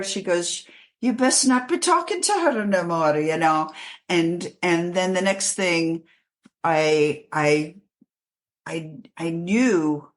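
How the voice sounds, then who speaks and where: With a lowish voice, this woman from New York City, an author, recounts her life during an interview. She speaks haltingly and keeps starting over.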